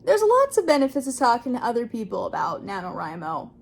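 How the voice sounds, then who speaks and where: A bubbly young woman with a high voice talks straight to camera about her writing. She chats in a lively, friendly way and slips into other people's voices when quoting them. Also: a little fast, creaky. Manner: bubbly, acts out quoted voices. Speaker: writing vlogger. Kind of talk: casual talk to camera.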